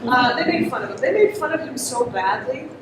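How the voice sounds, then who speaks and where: A woman's voice: sits high, animated, fairly quick. Woman presenter, chatty and interactive, distant mic in a very echoey, noisy hall. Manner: chatty, asks the audience questions, laughs often. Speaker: conference presenter. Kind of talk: interactive storytelling talk to an audience.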